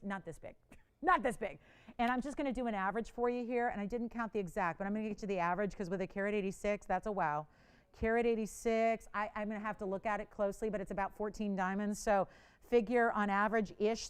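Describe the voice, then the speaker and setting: A middle-aged woman hosting a live jewelry shopping show, giving an effusive, persuasive sales pitch that swings between soft confiding asides and loud excited bursts. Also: clear, resonant tone. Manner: effusive and persuasive, repeats herself for emphasis. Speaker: shopping channel jewelry host.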